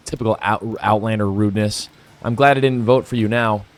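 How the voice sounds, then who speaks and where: Scornful game councilwoman, a man reading her lines in an everyday mid-pitched voice. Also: fairly even intonation, fast talker, natural voice. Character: rude, scornful village councilwoman.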